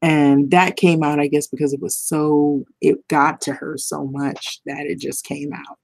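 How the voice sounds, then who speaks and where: A woman's voice: deep voice, level tone, measured pace, gravelly, darkish tone, no echo. A middle-aged woman talking bluntly and rambling in a casual vlog monologue, swearing and laughing often. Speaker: vlogger.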